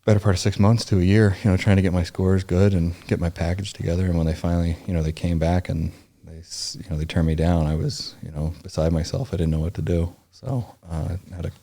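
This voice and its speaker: A man in his forties, from Indianapolis, tells his own story as an interview guest. His voice sits low and sounds mellow, and he rambles, stops and restarts often as he gathers his thoughts. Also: fairly even intonation. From Indianapolis, United States. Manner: rambling, halting, full of restarts and fillers. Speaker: podcast guest, former Navy SEAL and historian.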